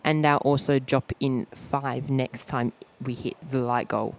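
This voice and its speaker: A man, hosting a casual plane-spotting live stream outdoors, easygoing and halting, often repeating words. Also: medium pitch, level tone, vocal fry. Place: outdoors at an airport.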